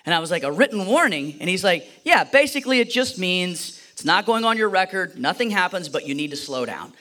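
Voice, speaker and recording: A man's voice: sits high, sing-song, a little fast, sharp tone. A man preaching a sermon, telling a personal story and acting out the voices in it with a playful manner. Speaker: pastor.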